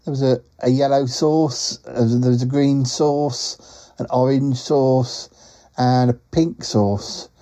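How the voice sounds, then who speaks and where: Comic talking duck, male, slow and hesitant, dry close sound, a man voicing him. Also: medium pitch, fairly even intonation, dark tone, dry recording, close to an everyday voice. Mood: rambling. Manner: rambling, full of ums, quacks between phrases. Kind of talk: comic voice message.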